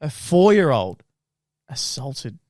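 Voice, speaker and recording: A man's voice: medium pitch, big pitch swings, takes it slowly, darkish tone, no echo, studio quality. A man co-hosting a podcast, interjecting with jokes and playing up mock outrage in an improvised skit. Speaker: podcast co-host. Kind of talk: improvised comedy news skit.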